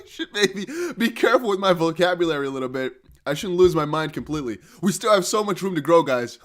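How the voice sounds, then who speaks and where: A man hosts a live crypto stream in an excited, hype-driven way, breaking into laughs and chanted lines. His voice sits a bit high and swings widely up and down. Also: a little fast. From Netherlands.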